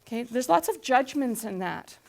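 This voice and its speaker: A woman in her forties giving a lively, conversational talk, asking the audience questions and acting out scenes. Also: a little high, moderate pace, vocal fry. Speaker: conference speaker.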